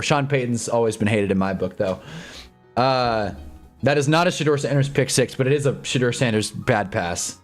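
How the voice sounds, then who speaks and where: A man hosting a live football stream, rambling and sarcastic in casual commentary, then suddenly loud when a wild play breaks. His voice sits at an ordinary middle pitch. Faint music plays quietly behind him.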